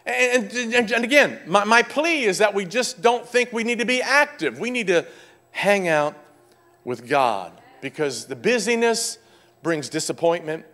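A male pastor delivers a sermon in a high-pitched voice. His preaching is fervent, rising to loud exclamations and then settling into quieter explanation of scripture. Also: lively intonation, unhurried.

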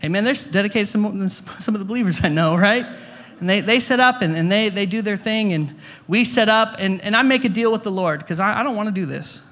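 A man's voice: high voice, brisk, a bit bright. A young adult man preaching a storytelling sermon as a guest pastor, talking conversationally with jokey asides and stumbling through lots of repeated words. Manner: stammering restarts, repeats words.

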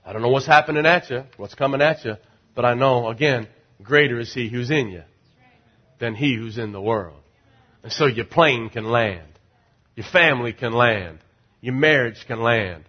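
A middle-aged man preaching as pastor, urging the crowd to repeat lines and swinging from loud rising calls to low, confiding asides. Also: normal speed, lo-fi sound. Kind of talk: sermon.

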